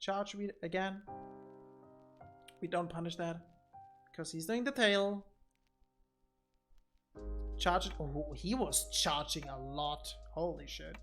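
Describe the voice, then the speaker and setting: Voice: medium pitch, slow, pauses often, a bit bright, faint music behind. A streamer giving casual gameplay commentary on a desk mic, thinking aloud and often repeating words while explaining boss fights.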